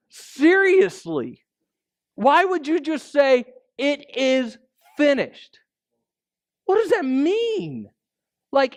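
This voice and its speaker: A man's voice: very high voice, clear, resonant tone. A male pastor preaching a sermon in a conversational way, peppering his points with rhetorical asides.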